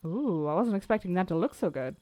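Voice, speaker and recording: A woman's voice: on the low side, expressive, fast, mellow, no echo. A woman streaming a video game, chatting casually, swearing and laughing easily. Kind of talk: casual gameplay commentary. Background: faint game music.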